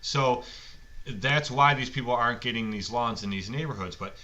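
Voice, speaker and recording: Blunt man, bright lo-fi podcast voice. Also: medium pitch, moderate pace. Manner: blunt, profane, rambling. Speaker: lawn care business owner. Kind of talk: casual storytelling podcast monologue. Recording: muffled lo-fi recording.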